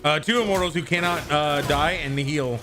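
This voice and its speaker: A man streaming a video game live, chatting with viewers and bursting into shouts at enemies, laughing often. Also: fairly high pitch, moderate pace. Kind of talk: live gameplay commentary. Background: game music and sound.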